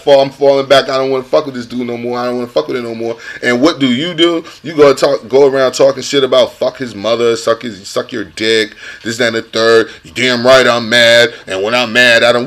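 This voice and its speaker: Heated, high-voiced man ranting. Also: fairly bright tone. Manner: heated, profane, repetitive. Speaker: vlogger. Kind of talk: angry rant to camera.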